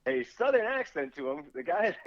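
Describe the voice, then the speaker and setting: A man's voice: fairly high pitch, sing-song, measured pace, no echo, dull audio. A man co-hosting a casual sports podcast, laughing often as he tells his stories. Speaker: podcast co-host.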